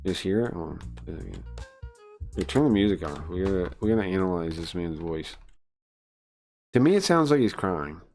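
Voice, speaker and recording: A man's voice: low voice, expressive, brisk, pauses often, a little mellow, faint music behind. A male live streamer giving blunt, crude, rambling reaction commentary full of fillers.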